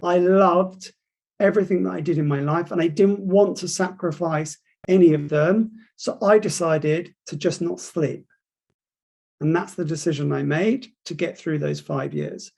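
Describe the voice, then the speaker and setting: Speaking at a measured pace, a man in his forties from the property industry uses a fairly high, creaky, darkish voice. He motivates university students with his career story, performing the dialogue himself and often restarting.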